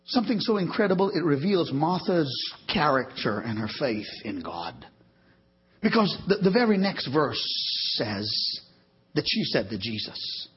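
A man preaching a sermon dramatically, rising to loud emphatic peaks and dropping to soft asides, often repeating and correcting himself. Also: a little high, big pitch swings, measured pace, breathy edge. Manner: repeats words and corrects himself mid-sentence. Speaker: pastor. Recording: dull lo-fi recording.

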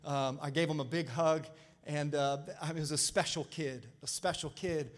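High-voiced preacher working up his congregation. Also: moderate pace. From Florida. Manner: animated preaching, call-and-response to the congregation. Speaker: pastor. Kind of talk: lively sermon. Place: church sanctuary.

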